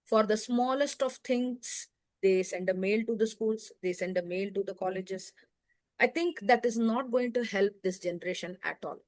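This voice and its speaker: A middle-aged woman speaking as a podcast guest, giving earnest advice in measured phrases with pauses. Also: a little high, dry recording. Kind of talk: reflective interview answers.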